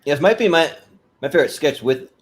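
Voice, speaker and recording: A man's voice: on the high side, animated, quick pace. A man co-hosting a podcast in casual chat, laughing as he retells a comedy sketch. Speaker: podcast co-host.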